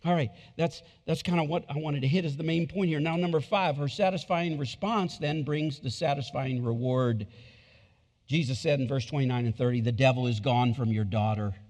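A male pastor with a high, bright-toned voice preaching in a church. He is emphatic, repeats key lines and slips into acted quotes, with a long reverb trailing each phrase around the sanctuary. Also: steady tone, moderate pace. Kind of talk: sermon.

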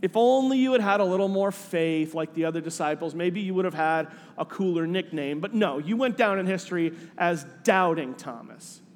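A male pastor preaches in a loose, animated, conversational way and slows down for reflective scripture reading. His voice sits very high for a man. A long hall reverb trails every phrase. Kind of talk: sermon.

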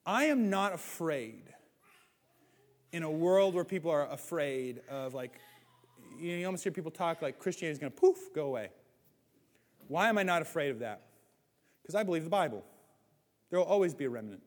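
A man preaching a sermon as pastor, animated, swinging between loud, excited stretches and hushed ones. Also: fairly high pitch, normal speed, long pauses. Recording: hall reverb.

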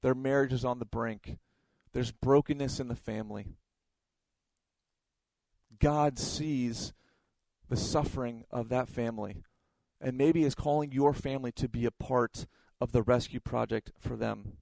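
A man's voice: medium pitch, steady tone, unhurried, creaky, mellow, dry recording, low-quality recording. A man preaching a sermon, telling stories and often repeating his words as he goes. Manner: storytelling, stumbles and repeats words. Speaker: pastor.

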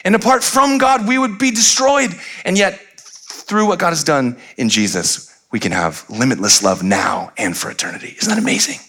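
A man preaching a sermon, moving from animated rhetorical questions to hushed, slow scripture reading. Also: a little hiss or hum. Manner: expressive preaching, swinging from loud animated peaks to quiet low passages; conversational asides and rhetorical questions. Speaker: pastor.

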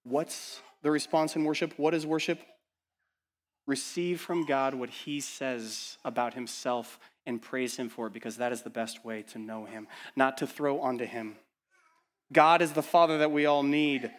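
Male pastor, mid pitch, urgent sermon delivery, rhetorical questions, shifts from hushed to loud. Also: fairly even intonation, unhurried. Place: church.

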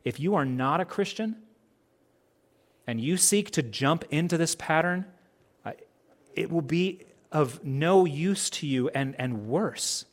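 A man delivering a sermon from the pulpit in a relaxed, conversational tone. His voice sits a little higher than most men's, and he keeps posing rhetorical questions to the congregation while acting out short exchanges of dialogue. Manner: conversational, acts out quoted dialogue; uses many rhetorical questions. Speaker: pastor.

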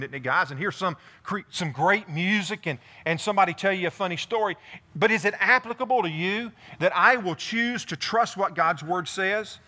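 Male pastor, sermon delivery, bright and a touch high-pitched, animated storytelling. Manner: animated preaching, voicing David in first person. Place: church in front of a congregation.

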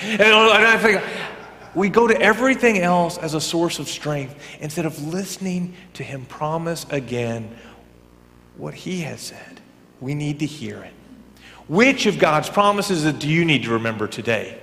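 A man preaching a sermon as a pastor, talking conversationally and swinging between loud emphatic bursts and quiet, almost whispered lines. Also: sits high, lively intonation, measured pace. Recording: long hall reverb.

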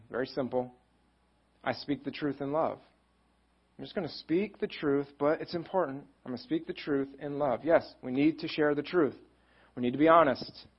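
A man's voice: fairly high pitch, slightly rough, muffled recording. A man preaching a conversational sermon as a pastor, with self-deprecating humor.

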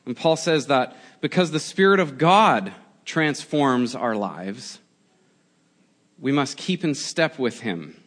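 A man in his forties, a pastor giving a conversational, animated sermon with prayer and storytelling. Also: medium pitch, slow. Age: 40s.

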